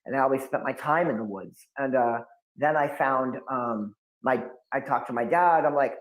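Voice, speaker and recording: A man's voice: medium pitch, moderate pace. A man in his fifties from New England, telling long stories as an occult expert guest and acting out the people he quotes. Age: 50s. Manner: animated storyteller acting out quotes. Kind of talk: storytelling interview. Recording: roomy echo.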